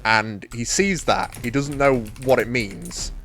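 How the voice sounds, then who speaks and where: A man's voice: mid-range voice, a little slow, soft background music. A man co-hosting a podcast, chatting casually about fan writing and acting out character lines as he talks. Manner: animated, acts out character lines while talking. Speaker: podcast co-host.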